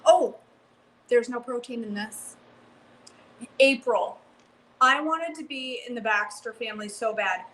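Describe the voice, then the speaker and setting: A woman hosting a live cooking stream from her home kitchen, chatting excitedly and answering viewers by name. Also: a little high, a little slow, long pauses, poor audio. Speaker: cooking livestream host. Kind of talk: casual live cooking chat, reading comments.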